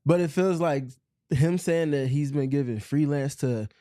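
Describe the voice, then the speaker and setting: A man's voice: fairly high pitch, normal speed, warm tone, no echo, clean studio sound. Analytical sports reporter man. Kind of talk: casual sports talk.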